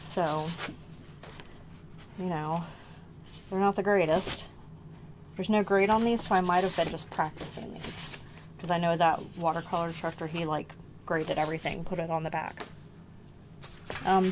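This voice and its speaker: Woman, middle-aged, low voice, rambling and self-correcting, breathless, home vlog, noisy background. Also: fairly even intonation, measured pace, pauses often. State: short of breath. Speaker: art channel host. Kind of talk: casual show-and-tell vlog.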